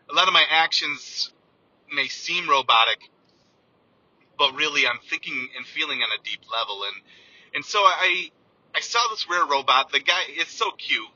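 A man sharing an earnest, heartfelt personal testimonial with a slightly high, very bright and tense voice. He often restarts his sentences. The recording sounds dull and lo-fi. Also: no room sound. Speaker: computer teacher sharing a personal story.

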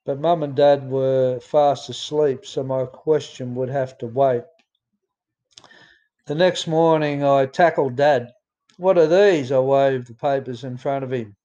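A man's voice: medium pitch, steady tone, measured pace, warm tone, muffled recording. A man with an Australian accent reading his own memoir aloud in a plain storytelling way, with some fillers and restarts. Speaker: memoir narrator.

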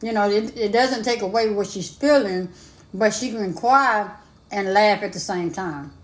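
A woman co-hosting a casual chat, supportive and light-hearted, quick to affirm her partner. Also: medium pitch. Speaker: co-host. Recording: echoey room.

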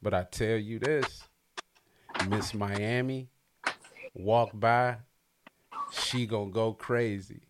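A man's voice: fairly low pitch, fairly even intonation, slow, long pauses, noisy background. A man hosting a podcast interview, talking loose and slangy as he hypes up his guest over a video call. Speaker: podcast host. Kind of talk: casual interview chat.

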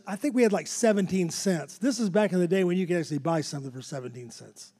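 A man's voice: sits high, expressive, fast talker, hardly any pauses, warm tone, big-room sound. An older man preaching a sermon in a church sanctuary, fervent and repetitive, with chuckles. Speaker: pastor.

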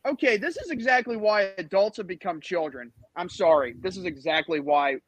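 A man's voice: high voice, lively intonation, fairly quick, a bit bright, no room sound. A man hosting a podcast panel chat, ranting heatedly and repeating himself. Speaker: podcast host.

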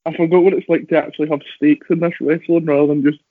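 A man's voice: fairly high pitch, little pitch movement, fast talker, no echo. A young Scottish man, a professional wrestler, chatting casually and rambling with self-deprecating asides. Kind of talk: casual podcast chat. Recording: dry, phone-like lo-fi audio.

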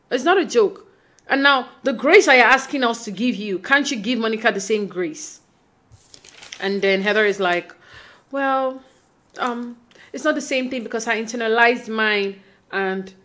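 A woman casually recapping a reality show reunion, animatedly acting out what others said. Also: mid-range voice. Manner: animated retelling, acting out quotes. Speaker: reality TV commentator.

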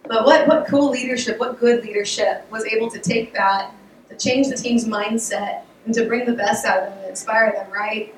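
Animated woman preaching in an echoey room. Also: a little high, normal speed, a little hiss or hum. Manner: conversational and animated, with laughs and frequent restarts. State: losing her voice. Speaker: speaker giving a devotional talk. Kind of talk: casual sermon. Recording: echoey room, voice picked up from a distance.

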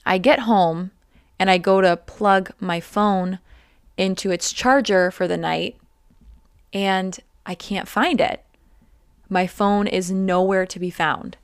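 A young woman casually telling a personal story, chatty and animated, with many "like" fillers. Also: mid-range voice, clear, resonant tone, no echo, studio quality.

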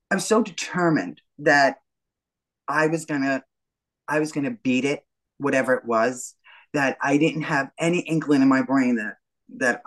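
Middle-aged New woman, lively interview guest who acts out every exchange. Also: sits low, poor audio. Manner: animated storyteller, acts out the dialogue. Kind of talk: telling her story in an interview.

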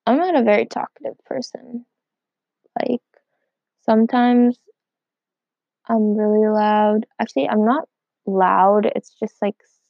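This teen podcast host rambles through a casual solo episode at home, leaning on "like" constantly. She speaks at a medium pitch with vocal fry, in a muffled recording lacking room sound.

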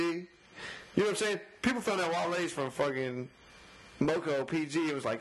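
A man's voice: fairly high pitch, brisk, rough recording. A man co-hosting a podcast in easygoing chat. He rambles through his points with lots of filler words and chuckles often. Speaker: podcast co-host. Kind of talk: casual chat.

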